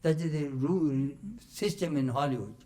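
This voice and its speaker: Animated older man telling stories. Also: fairly high pitch, moderate pace. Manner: animated, laughing storyteller. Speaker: monk recalling his teacher. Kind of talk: storytelling talk to a retreat audience.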